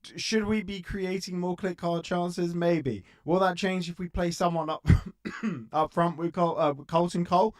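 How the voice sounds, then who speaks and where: A man co-hosting a fan football podcast, speaking in a fairly high voice. He talks in a chatty, joking way, often restarting his sentences and padding them with fillers. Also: fairly even intonation, moderate pace. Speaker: podcast co-host. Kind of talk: casual fan podcast chat.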